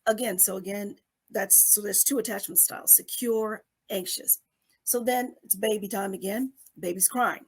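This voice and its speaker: A woman's voice: medium pitch, fairly bright tone. A middle-aged woman on a podcast explaining a psychology topic in a conversational way, often checking in with "okay?" and acting out little scenes. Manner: acts out babies and parents in quoted voices.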